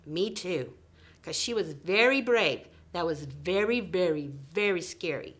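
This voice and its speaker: A preschool teacher tells a story to young children in a slow, expressive voice on the low side, frequently slipping into soft whispers.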